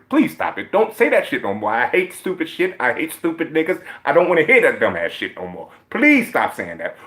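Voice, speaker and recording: Man, heated vlog rant, lively swooping pitch, profane, emphatic, repeats himself, talks straight to viewers. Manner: profane, emphatic, swings between low mutters and loud high outbursts; repeats points, speaks directly to viewers. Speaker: gaming vlogger.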